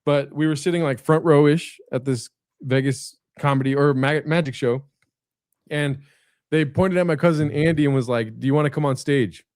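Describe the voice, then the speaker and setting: A man's voice: on the high side, moderate pace, darkish tone, no room sound, clean studio sound. A man chatting casually on a video call, telling long rambling stories full of fillers and swearing. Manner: rambling anecdotes with frequent fillers and profanity. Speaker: guest comedian. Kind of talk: casual storytelling chat.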